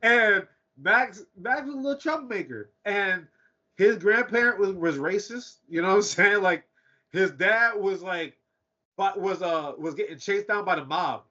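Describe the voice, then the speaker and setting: A man's voice: sits high, a little slow, bright, forceful tone, highs cut off. A young man from Detroit co-hosting a podcast, telling rambling, profane stories in a casual chat and laughing between them. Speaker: podcast co-host.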